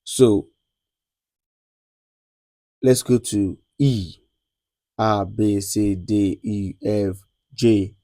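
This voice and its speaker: A Nigerian man teaches a beginners' class at a slow, measured pace. He repeats each sound for his students and keeps checking they follow. His voice sits low and mellow, in a dry recording. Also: no room sound. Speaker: lecturer. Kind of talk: classroom lesson on French letters.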